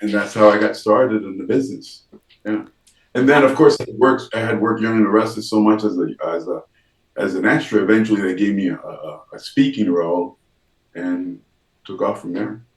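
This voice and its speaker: A man with a low-pitched voice tells a lively story in a casual interview, playing out the lines of the people he met. His voice sits in a roomy, echoing space. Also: moderate pace, far from the mic. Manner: animated storyteller, acts out quoted dialogue, frequent restarts. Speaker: actor, interview guest.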